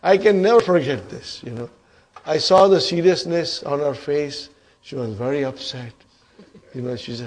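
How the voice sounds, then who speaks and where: Guy teaching arabic grammar to a class, keeps quizzing ppl, kinda high voice. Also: moderate pace, a little hiss or hum. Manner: quizzes students, frequent checks like "huh?" and "okay?"; addresses class as brothers and sisters. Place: classroom with students.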